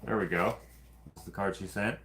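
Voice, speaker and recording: A man from Canada hosting a casual livestream, telling stories in an animated, laughing, loosely profane way. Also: low voice, moderate pace, very noisy. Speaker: host of live hangout stream.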